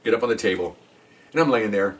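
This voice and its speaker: An older man, a retired police officer, tells a casual, rambling anecdote, often checking in with "okay?". His voice sits on the low side, and he talks fast and animatedly, recorded from a distance.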